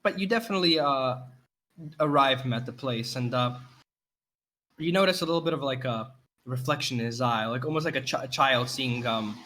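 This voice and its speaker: A man's voice: mid-range voice, a little fast, sharp tone, slight background noise. A male game master narrates a tabletop role-playing session in a loose, rambling way. He fills his sentences with ums, likes and restarts as he goes. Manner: rambling, filler-heavy narration.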